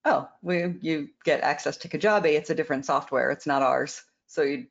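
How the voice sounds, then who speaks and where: A woman's voice: deep voice, moderate pace, creaky. Woman explaining stuff frankly in a q&a, repeats herself while thinking, kinda muffled audio. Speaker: company co-founder answering questions. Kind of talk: casual Q&A answers.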